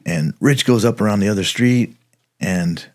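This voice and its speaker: A man's voice: fairly low pitch, normal speed. A middle-aged man from the Los Angeles area, a retired homicide detective, telling rambling stories in casual podcast chat. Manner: relaxed, rambling anecdotes with many fillers.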